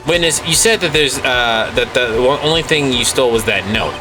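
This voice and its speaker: A man's voice: medium pitch, normal speed, music in the background, close to an everyday voice. A man reading an earnest, pushy young defense lawyer. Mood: pressing.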